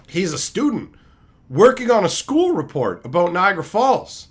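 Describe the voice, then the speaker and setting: Profane ranting male streamer, wildly swinging pitch. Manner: profane, exasperated, escalating into shouting rants. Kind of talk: ranting storytelling to a live chat.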